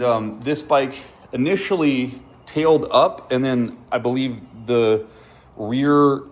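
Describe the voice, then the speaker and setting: A motorcycle vlogger, a man, casually telling his viewers a story, candid and swearing freely. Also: mid-range voice. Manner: candid, swears often, addresses viewers as dude and bro.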